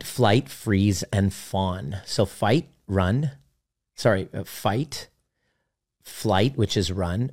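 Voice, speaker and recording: A relationship coach gives a casual teaching talk, speaking animatedly and now and then acting out his clients' voices. His voice is lowish and a little mellow.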